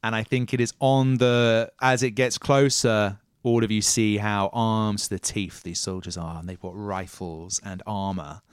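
A man narrating a tabletop game as game master, with measured storytelling and casual asides. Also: on the low side, flat delivery, clear, resonant tone, no room sound, studio quality.

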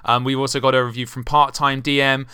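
A man's voice: mid-range voice, little pitch movement, a little fast, sharp tone, smooth, dry recording, clean studio sound. A man hosting a podcast and narrating a tabletop game as game master, with jokey, wry asides.

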